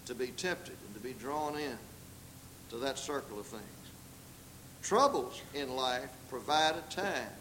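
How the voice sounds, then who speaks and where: This older man, from the American South, preaches a sermon dramatically, giving quoted voices big pitch leaps as he acts them out. His voice is a bit bright, and the low-quality recording has slight background noise.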